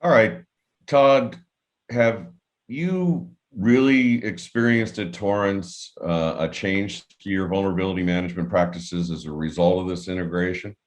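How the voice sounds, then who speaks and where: A man with an extremely deep voice moderates a webinar panel discussion. He talks in a measured, deliberate way and chooses his words carefully as he passes questions to the panel.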